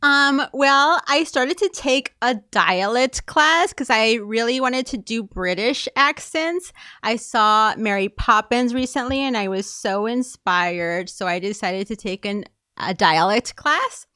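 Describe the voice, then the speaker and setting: A woman's voice: a little high, measured pace, pushed and bright, smooth, dry recording, clean studio sound. A woman improvising a self-assured newly divorced character in a livestreamed comedy scene. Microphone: video call.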